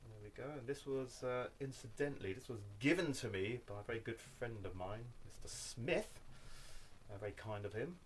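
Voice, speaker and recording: A man's voice: medium pitch, normal speed. A man showing his record collection in a casual vlog, rambling with wry asides and tagging his points with "okay?". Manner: rambling, tags lines with "okay?"; wry, self-deprecating asides. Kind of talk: casual show-and-tell vlog.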